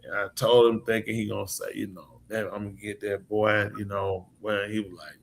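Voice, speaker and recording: A male preacher hosting a live talk show, telling stories in a lively way and acting out the voices of the people he quotes. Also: on the low side, moderate pace, gravelly, few pauses, slight background noise. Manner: lively storyteller who acts out quoted voices. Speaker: podcast host and preacher. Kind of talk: casual storytelling chat.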